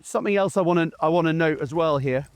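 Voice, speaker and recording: A man teaching gundog handling out in a field, his voice sitting a little high. He talks the viewer through each step in a chatty way and breaks off to call short commands to his dog. The sound is dry and close, with no room echo. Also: fast talker, clean tone. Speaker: gundog trainer. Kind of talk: instructional talk while working a dog in the field. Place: outdoors in a field beside a game crop.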